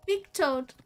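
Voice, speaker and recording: A woman streaming a game, giggly and playful, chatting casually and reacting with delight. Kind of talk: casual gameplay commentary.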